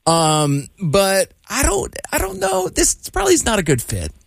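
A man hosting a radio show, fumbling for polite words and laughing nervously. His pitch jumps around freely, and the sound is dry and close. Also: huge pitch swings, normal speed, vocal fry, no echo. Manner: awkward, laughing, hesitant. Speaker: radio host. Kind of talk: radio call-in chat.

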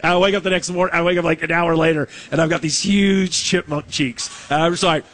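A man hosting a radio show, chatting casually and telling stories with quick voice impressions. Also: on the high side. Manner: animated, quick storytelling with voice impressions. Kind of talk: casual studio banter.

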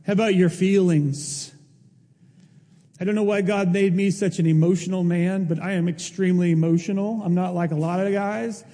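A male pastor preaching a sermon in an impassioned way, his voice rising toward near-shouts. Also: sits high, steady tone, moderate pace, big-room sound.

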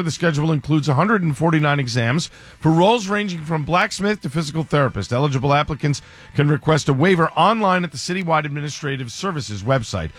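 A man reading local news in a brisk, even way. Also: on the high side, no echo. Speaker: newscaster.

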